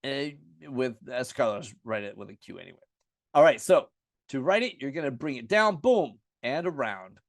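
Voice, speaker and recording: An American man teaching the alphabet in a relaxed lesson, saying each letter name aloud again and again as he writes it. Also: mid-range voice, moderate pace, no echo, studio quality. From United States. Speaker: Bible and Hebrew teacher.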